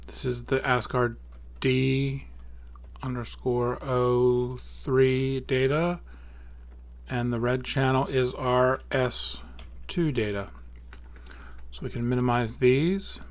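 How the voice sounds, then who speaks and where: A man hosting an astrophotography tutorial, talking casually through software steps and correcting small slips as he goes. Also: mid-range voice, slow pace, long pauses. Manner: relaxed, thinking aloud with small slips and self-corrections. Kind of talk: casual screen-recorded software walkthrough.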